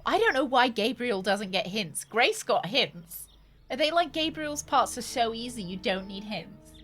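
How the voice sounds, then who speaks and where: A woman's voice: on the high side, very animated, measured pace, fairly bright tone, faint music behind. A young woman streaming a game, joking and giggling in casual commentary.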